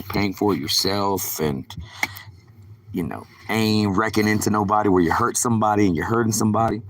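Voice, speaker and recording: Deep-voiced man rambling on a live stream. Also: a little hiss or hum. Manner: rambling, profane, street slang. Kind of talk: casual rambling storytelling.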